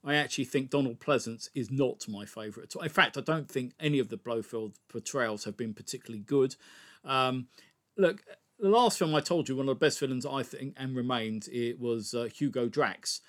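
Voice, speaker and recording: A man's voice: mid-range voice, brisk, a bit bright. A man co-hosting a casual film discussion, speaking emphatically and pressing his strong opinions.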